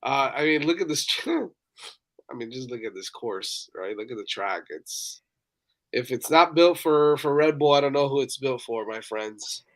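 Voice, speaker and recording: A laid-back man co-hosting a sports chat show, rambling through his points with plenty of filler and self-mocking asides. He sits in the middle of a normal male pitch range and keeps an easygoing, chatty flow. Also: lively intonation, unhurried. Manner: loose, rambling, laughs at himself. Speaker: podcast co-host.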